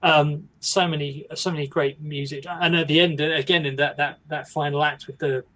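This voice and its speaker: A man's voice: fairly high pitch, steady tone, normal speed, sharp tone. A man co-hosting a casual film discussion, rambling with many restarts and fillers. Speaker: podcast co-host.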